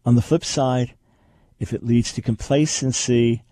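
A man's voice: mid-range voice, fairly even intonation, measured pace, dark tone, no echo. A man hosts a radio teaching show in an emphatic voice, hammering his points home through repetition. His voice sits in a middle range. It is recorded dry and close, with no room sound. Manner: emphatic, repeats key phrases. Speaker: radio talk show host.

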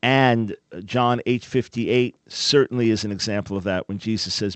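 Low-voiced man hosting call-in radio. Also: moderate pace, no echo. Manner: earnest, explanatory, emphatic. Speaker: radio show host.

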